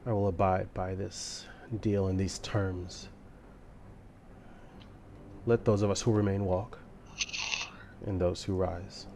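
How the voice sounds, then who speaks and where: A man voicing a defeated male orc warlord in a tabletop game, speaking slowly and quietly. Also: low voice, level tone, slight background noise. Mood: grudging. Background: music.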